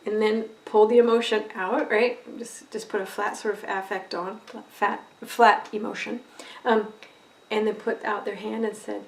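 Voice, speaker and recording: A woman teaching a recorded lesson on empathy, expressive and conversational, often checking in with "right?". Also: on the high side, unhurried. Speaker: empathy educator. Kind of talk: recorded lecture video. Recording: roomy echo, voice from a distance.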